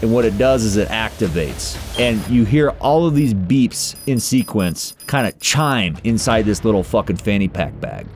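A man's voice: fairly low pitch, very animated, moderate pace, few pauses, darkish tone, soft background music. Foul-mouthed, fired-up male player. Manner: intense, profane, caught up in the game. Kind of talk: playing a tabletop game.

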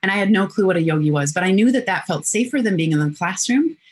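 Animated middle-aged woman telling her story. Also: mid-range voice, fast. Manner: animated storyteller who acts out quotes. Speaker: interview guest, intuitive. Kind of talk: personal storytelling in an interview.

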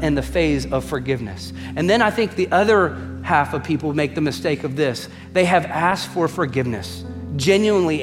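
A man's voice: a little high, long reverb tail. A male pastor preaching a sermon, emphatic, repeating refrains and putting direct questions to the congregation. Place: church auditorium.

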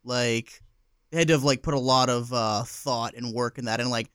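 A man's voice: mid-range voice, steady tone, fairly bright tone, clear, resonant tone, no room sound. Guy on a movie podcast, lots of likes and uhs, swears, dry mic. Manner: halting, filler-heavy, profane. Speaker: podcast co-host. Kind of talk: casual film discussion.

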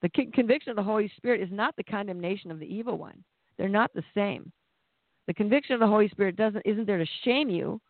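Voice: medium pitch, quick pace, dry recording. Plain-spoken preacher on a tinny line. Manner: plain-spoken, restarts, acts out voices. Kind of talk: conversational sermon. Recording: tinny phone-like dry sound.

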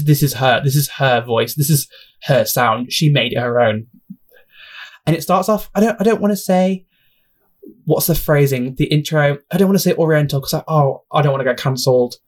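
A young man talks alone on his podcast in an easy, chatty way. He gushes, laughs at himself, drifts off topic and keeps apologizing, in a voice of ordinary pitch. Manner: gushing, self-deprecating, sidetracks and apologizes often. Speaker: podcast host. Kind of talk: casual solo podcast chat.

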